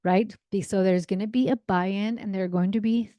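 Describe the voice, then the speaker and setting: A woman in her forties talks as a parenting coach on her podcast, with a mid-pitched voice recorded close and dry. She is chatty and upbeat and checks in with "right?" as she goes. She slips into acted voices when telling stories about home life. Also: fairly even intonation, moderate pace, warm tone, dry recording. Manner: acts out quoted voices in anecdotes. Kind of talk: solo podcast talk.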